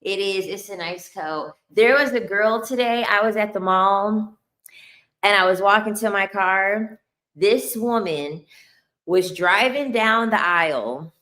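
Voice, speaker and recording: A woman's voice: mid-range voice, measured pace, bright, forceful tone. A woman streaming casual chat who answers her viewers, laughing often and tossing in slangy asides. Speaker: livestreamer reading chat.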